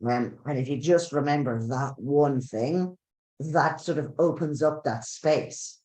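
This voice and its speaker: A man hosting a webinar, talking in halting, self-correcting bursts and repeating words. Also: fairly high pitch, darkish tone. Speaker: webinar host. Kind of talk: casual chat. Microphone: video call. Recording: roomy echo on a call.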